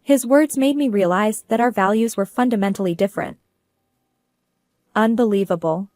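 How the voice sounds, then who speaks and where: A woman's voice: on the high side, fairly quick, darkish tone, no echo. Female narrator, cool businesslike delivery, dry close recording. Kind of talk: first-person story narration.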